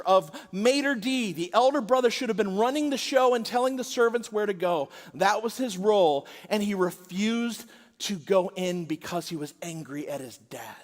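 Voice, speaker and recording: A man preaching a sermon as pastor, dramatic and animated, dropping to a hush and then rising loud as he acts out the story's quotes. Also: very high-pitched, big-room sound. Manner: dramatic, swings from hushed to loud when acting out quotes. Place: large church auditorium.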